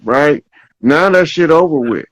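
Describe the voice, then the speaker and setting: Slow-talking man telling a story. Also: a little high, lively intonation, dull audio. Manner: slow, storytelling, checks in with "right?" often. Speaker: podcast host. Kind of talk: casual spiritual talk.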